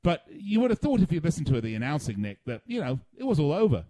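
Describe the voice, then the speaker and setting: A man hosting a radio soccer talk show, brisk and inviting listeners to call in. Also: on the high side, sing-song, dark tone. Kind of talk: casual radio sports talk.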